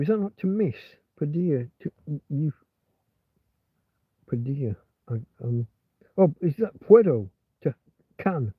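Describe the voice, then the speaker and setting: Male livestream host, meandering chatty delivery, slightly high voice, thin phone-like sound. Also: no room sound. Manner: meandering, many restarts and filler words. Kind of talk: rambling casual livestream chat.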